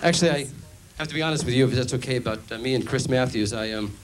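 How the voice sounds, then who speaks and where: A man performing a stand-up comedy routine on a club stage, delivering deadpan jokes and playing mock call-in phone bits. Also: mid-range voice, racing, background noise.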